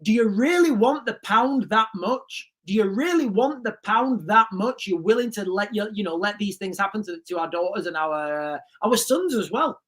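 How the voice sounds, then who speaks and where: A man's voice: high-pitched, animated, moderate pace, hardly any pauses, a bit bright. A man hosting a livestream, ranting emphatically, repeating himself and putting questions to his viewers. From United Kingdom. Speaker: livestream host.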